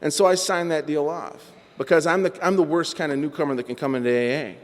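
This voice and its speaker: A man with a fairly high voice tells his recovery story to a meeting, in an animated, self-mocking way. His voice rings with long reverb through a large meeting hall. He talks from a podium mic. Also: fast.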